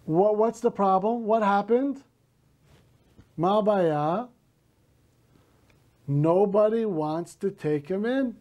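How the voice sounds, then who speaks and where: A male teacher slowly reading a story aloud to a class, stopping to gloss words in Hebrew. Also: high-pitched, a little mellow.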